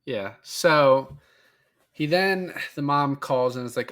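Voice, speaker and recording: Bright-voiced man swearing casually. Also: medium pitch, takes it slowly. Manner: loose and profane, retells scenes. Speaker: film podcast co-host. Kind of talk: casual film review chat.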